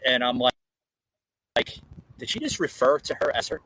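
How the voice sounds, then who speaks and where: A man's voice: medium pitch, animated, moderate pace, pauses often, sharp tone, a little hiss or hum, rough recording. A man hosting a casual political chat podcast from an outdoor porch, talking in a rambling way with lots of fillers and restarts. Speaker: podcast host.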